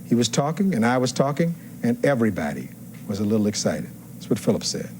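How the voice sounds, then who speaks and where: A man's voice: mid-range voice, very animated, fast, a little mellow, slight background noise. A man giving a courtroom closing argument as defense attorney, reading testimony aloud and firing rhetorical questions at the jury.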